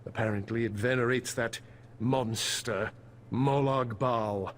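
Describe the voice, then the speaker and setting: A man's voice: medium pitch, steady tone, takes it slowly, close to an everyday voice. An actor playing a worried male farmer, a former financier and weary husband, polite and anxious. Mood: earnest. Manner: polite, anxious, put-upon. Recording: game audio with soft music behind.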